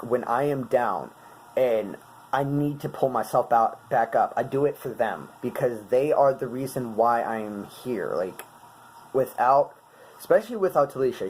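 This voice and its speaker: A man in his twenties, talking earnestly and haltingly as a vlogger, searching for his words. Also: mid-range voice, darkish tone, a little hiss or hum, low-quality recording. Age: 20s. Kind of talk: casual talk explaining song lyrics.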